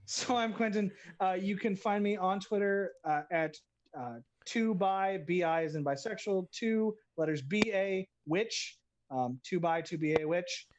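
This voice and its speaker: A man's voice: sits high, a little slow, slight background noise, low-quality recording. A man who designs tabletop games, explaining his rules and plugging updates in a rambling, casual way. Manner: rambling, many ums and restarts. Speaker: game designer and guest game master. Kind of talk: casual chat, promoting a game.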